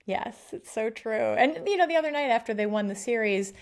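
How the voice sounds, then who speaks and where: A woman's voice: fairly high pitch, lively intonation, brisk, gravelly. A woman hosting a podcast interview, chatting casually and enthusiastically. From Wisconsin. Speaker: podcast host.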